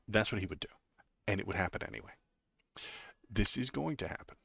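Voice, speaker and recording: A man with a very deep voice gives live political commentary, sardonic and halting, full of fillers and repeated words. The sound is dry and close with no room. His mic is a little dull and lo-fi. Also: animated, gravelly, a bit bright, husky, no echo. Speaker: political streamer.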